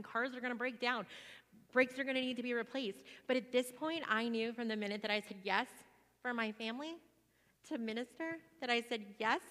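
Chatty woman in an echoing hall. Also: a little high. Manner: chatty, animated storytelling with many fillers and laughs. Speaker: speaker at a church gathering. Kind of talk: casual personal testimony.

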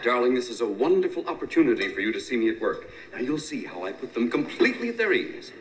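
An actor playing a fussy, finicky photographer in a 1970s sitcom, scolding with sugary pet names. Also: male voice, medium pitch, big pitch swings, fast, a crowd in the background, natural voice. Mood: polite. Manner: prissy, scolding, over-sweet pet names. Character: fussy, finicky male photographer, nagging and condescending. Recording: roomy TV audio from a distance with a studio audience.

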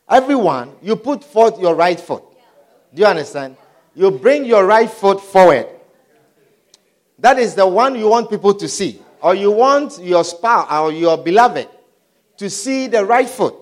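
A male preacher delivers a sermon in a high, sing-song voice that swoops up and down. He preaches with animated energy and keeps checking in with his listeners, repeatedly asking, "Do you understand?"

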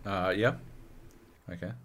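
A man co-hosting a casual podcast, talking in a fairly low voice. He gets animated and swears freely, and he often breaks into laughter mid-sentence. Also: slow. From Australia. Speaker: podcast co-host. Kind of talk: casual chat.

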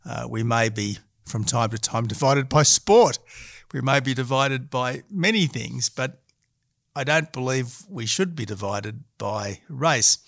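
Middle-aged Australian male politician, measured and argumentative, halting delivery, dry close sound, average pitch. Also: gravelly, a bit bright, dry recording. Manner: measured and argumentative, frequent hesitations. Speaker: politician guest. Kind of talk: political interview.

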